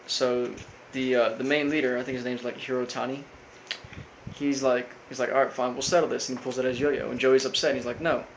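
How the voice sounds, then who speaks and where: A man casually recapping a cartoon episode, rambling with lots of fillers and flat quoted lines. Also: mid-range voice, a little fast, slight background noise, poor audio. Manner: rambling, full of fillers, quotes characters flatly. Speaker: recap host.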